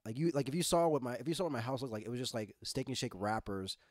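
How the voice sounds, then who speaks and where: Rapid-fire rambling man. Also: medium pitch, lively intonation, a little mellow, dry recording, clean studio sound. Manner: rambling, filler-heavy storytelling. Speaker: podcast co-host. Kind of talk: casual podcast banter.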